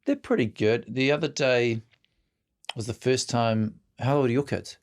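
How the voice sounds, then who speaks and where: Here the same kind of speaker talks at a normal pace with a mid-range voice: a middle-aged New Zealand man, a guest in casual conversation. He rambles through self-deprecating stories and laughs a lot.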